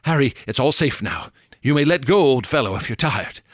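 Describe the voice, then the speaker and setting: A man voicing a hushed, steady gentleman friend. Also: medium pitch, brisk, no room sound, studio quality, close to an everyday voice. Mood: reassuring. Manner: hushed and calming.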